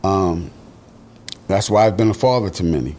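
A low-voiced man talks bluntly and steadily as a podcast guest. His delivery is direct and unhurried, with a light background hiss. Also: darkish tone. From New York. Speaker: guest, producer and author. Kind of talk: reflective podcast conversation.

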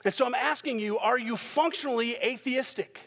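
High-voiced preacher in a reverberant hall. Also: male voice, moderate pace. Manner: animated storytelling, acting out the characters' voices. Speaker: pastor. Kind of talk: sermon.

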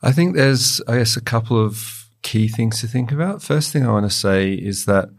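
A man guest on a podcast panel, laying out his points in a measured, orderly way. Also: medium pitch.

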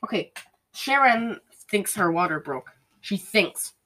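A woman's voice: mid-range voice, expressive, slow pace, bright, forceful tone. Chatty young woman recapping a movie. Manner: chatty, heavy use of "like", mimics characters while retelling. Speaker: podcast co-host recapping a film. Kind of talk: casual chat.

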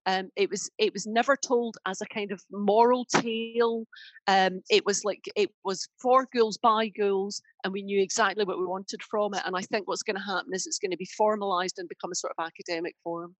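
A woman's voice: mid-range voice, a little fast, dry recording, rough recording. Scottish woman, crime writer guest, wry and laughing, dry close sound. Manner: wry, laughing, animated storytelling. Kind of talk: casual podcast chat.

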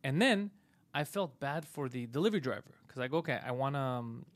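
A man's voice: mid-range voice, lively intonation, a little fast, no echo. A man hosting a comedy podcast, teasing his co-host and telling a story in casual, profane chat. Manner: teasing, swears a lot, acts out quotes.

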